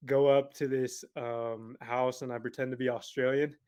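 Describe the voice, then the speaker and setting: A young man on a podcast over a video call, telling a funny sales story in a relaxed, laughing way and swearing now and then. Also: mid-range voice, moderate pace, clear, resonant tone. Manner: laid-back, laughing, swears casually. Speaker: podcast guest. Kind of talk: casual storytelling.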